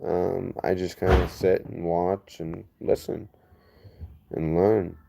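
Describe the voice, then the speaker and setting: Low gravelly man chatting on a livestream. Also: little pitch movement, noisy background. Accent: lazy-sounding regional accent. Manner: rambling, gets heated and fast when defending himself. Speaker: livestream host. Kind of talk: casual livestream chat reading comments.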